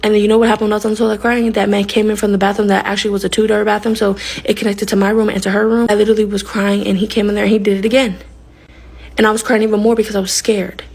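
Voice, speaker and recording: A woman telling a personal story in a casual, candid storytime, blunt and animated, sometimes swearing. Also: medium pitch, racing, creaky, breathy edge. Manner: animated, indignant retelling.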